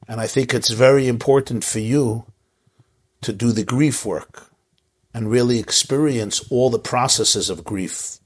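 A middle-aged man giving gentle, earnest spiritual advice on a live stream, often repeating words for emphasis. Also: fairly low pitch. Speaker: spiritual advice giver answering a chat question.

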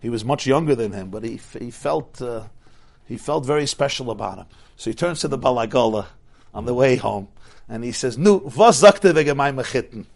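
A man's voice: mid-range voice, brisk, gravelly, darkish tone. A man giving an informal Torah talk, telling a Chasidic story with many restarts and Yiddish words. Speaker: Chasidic teacher.

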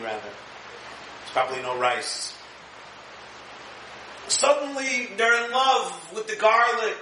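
A man giving an animated sermon as a rabbi, dramatic and expressive, switching into acted quotes. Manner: dramatic, shifts into acted quotes with rising pitch. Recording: echoey room from a distance with hiss.

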